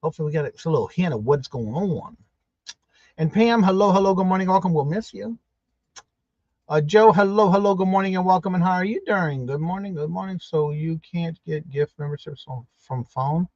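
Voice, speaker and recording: Upbeat high-voiced man greeting viewers. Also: fairly quick, darkish tone, no room sound, highs cut off. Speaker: livestream host. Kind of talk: live stream chat, greeting viewers.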